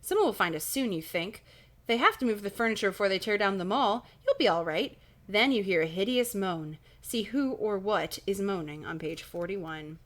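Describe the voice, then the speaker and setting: Woman streamer, mid-pitched voice, reads a spooky book aloud live and keeps breaking off into casual, swear-dotted chatter. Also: lively intonation, normal speed. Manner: casual, swears, laughs at own slips.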